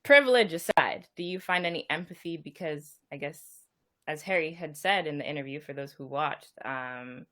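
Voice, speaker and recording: A woman co-hosting a casual chat show, talking in a thoughtful, measured way with soft asides. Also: sits low. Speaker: podcast co-host.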